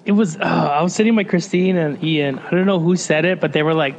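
A man with a notably high voice chats on a casual podcast. He talks loosely and fills his sentences with "like" as he works his way toward his point. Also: quick pace, hardly any pauses, slight background noise. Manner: loose, filler-heavy, lots of "like". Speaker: podcast co-host. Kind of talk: casual chat.

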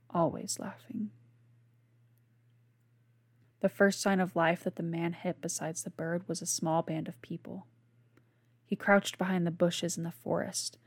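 Woman reading her novel, low and gravelly. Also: darkish tone, dry recording. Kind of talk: scripted narration.

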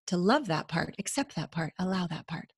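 A woman guest on an interview podcast, talking in an earnest, expressive, spiritual way with sudden bursts of emphasis. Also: fairly low pitch, moderate pace, husky, no echo, studio quality. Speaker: guest intimacy expert.

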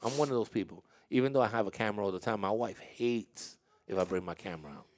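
A man's voice: lowish voice, quick pace. A man hosting a casual interview with young dancers, talking in a chatty, storytelling way with frequent laughs and restarts.

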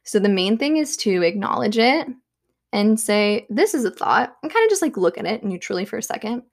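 A young woman at home talking casually about self-help, chatty and full of fillers, with soft laughs. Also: medium pitch, very animated, a little fast. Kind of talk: casual monologue.

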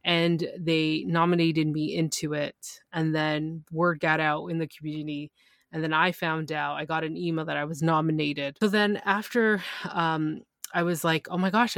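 A woman podcast host telling a personal story in a casual, animated way, full of exclamations. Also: low voice, normal speed, no room sound, studio quality. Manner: animated, excitable retelling.

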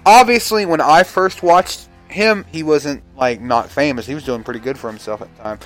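A male podcast co-host talks in a loose, rambling way, full of swearing and jokes. His pitch sits in the middle range. Faint music plays behind him. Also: normal speed. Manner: rambling, profane, joking. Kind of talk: casual chat.

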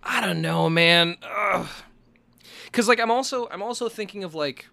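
Brief: halting casual man, dry close sound, improv banter. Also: high-pitched, gravelly, bright, forceful tone, no room sound. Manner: casual, halting, restarts often, swears.

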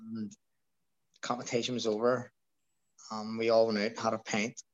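A man's voice: fairly low pitch, level tone, moderate pace, dull audio. A young Irish man, a guest, telling a rowdy anecdote in casual talk, swearing often and acting out what others said. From Ireland. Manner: swears freely, acts out quotes of others. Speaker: guest, former amateur boxer. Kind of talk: casual storytelling.

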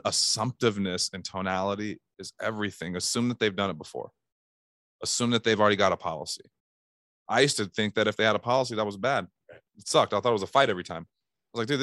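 A man's voice: medium pitch, a bit bright, dry recording, clean studio sound. A man giving casual sales coaching, talking animatedly and acting out phone calls in bursts. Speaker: sales trainer.

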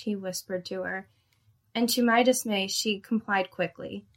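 Young woman reading a spicy story, dry fed-up tone, mid pitch. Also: fairly even intonation, a little slow, fairly bright tone.

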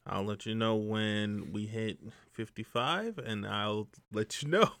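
A man's voice: fairly low pitch, takes it slowly, creaky, fairly bright tone, clean tone. A man co-hosting a podcast, teasing in a laid-back, casual way. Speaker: podcast co-host.

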